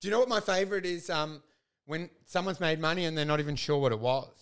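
Guy, high voice, crude ranting podcast co-host who mimics people mid-story. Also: quick pace, clear, resonant tone. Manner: ranting, crude, laughing, acts out quoted voices. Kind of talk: casual chat.

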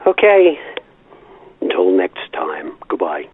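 A man's voice: low-pitched, wildly swooping pitch, slow, breathy edge. An older man leaving a rambling, nostalgic voicemail, chuckling as he tells his stories. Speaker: caller. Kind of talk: voicemail storytelling. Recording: tinny phone-line voicemail.

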